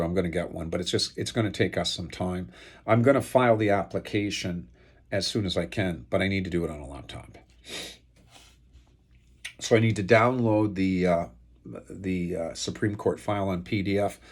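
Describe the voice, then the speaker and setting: A man talking unscripted to the camera, aggrieved and angry, rambling with many fillers and getting louder when outraged. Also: moderate pace, slightly rough. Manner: turns loud and high-pitched when outraged. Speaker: video blogger airing an estate dispute.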